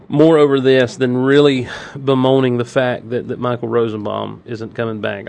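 A man co-hosting a podcast in casual chat, with dry sarcasm and drawn-out, mock-enthusiastic lines. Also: medium pitch, vocal fry. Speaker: podcast co-host.

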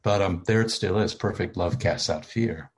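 An older man delivers a sermon from the pulpit in a loose, conversational way, full of ums and self-deprecating asides. His voice sits very low and has a husky edge. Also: moderate pace. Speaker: pastor.

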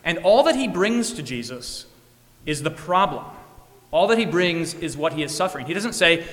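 Male pastor, earnest sermon delivery, bright tone, big reverberant church. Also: very animated, moderate pace. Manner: earnest, with rising emphatic peaks and soft low endings.

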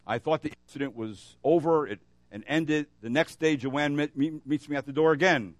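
A man's voice: a little high, normal speed, no echo. A male pastor preaching a sermon, moving between emphatic declarations and a casual storytelling manner with frequent fillers. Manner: animated preaching with rising emphasis and storytelling asides.

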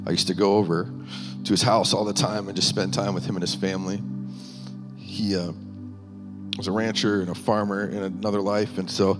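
A man sharing a personal testimony in a sermon, earnest and halting, with small laughs between thoughts. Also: on the low side. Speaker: minister. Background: music.

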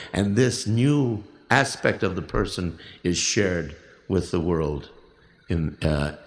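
Low-voiced man guiding a workshop. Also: echoey room. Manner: measured, reflective, often restarting phrases. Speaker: workshop leader. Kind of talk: guided instruction for a recorded exercise.

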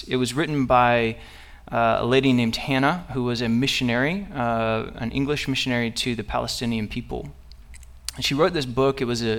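A man's voice: medium pitch, fairly bright tone. A young man giving a sermon as a visiting preacher. He speaks earnestly and personally, stumbling through fillers and restarts as he goes. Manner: halting, many fillers and restarts. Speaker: guest preacher.

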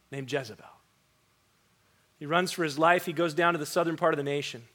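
A man with a high voice preaching a sermon. He moves from loud, pointed rhetorical questions to quiet, measured scripture reading. When he quotes a sulking prophet, he drops into a mopey tone. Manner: mock-mopey voice when quoting a complaining prophet.

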